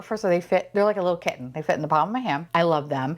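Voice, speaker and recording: A woman's voice: fairly low pitch, racing, hardly any pauses. A woman hosting a casual toy unboxing vlog, gushing over each toy, squealing and swearing often. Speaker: unboxing vlogger.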